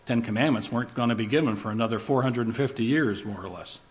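A man's voice: medium pitch, fast talker, dull audio. A man preaching a sermon, building his points through rhythmic lists and shifts in emphasis. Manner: emphatic, rhythmic lists with rising and falling delivery.

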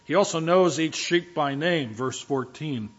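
A man's voice: a little high, unhurried. Male pastor, chatty sermon delivery, self-deprecating humor, stumbles and restarts; muffled lo-fi recording. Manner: frequent restarts and filler words. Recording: dull lo-fi recording.

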